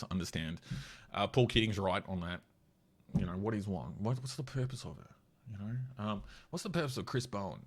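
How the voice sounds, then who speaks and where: An Australian commentator with a cold rants casually about politics in a blunt, sweary, mocking style. His voice is slightly low but fairly bright in tone.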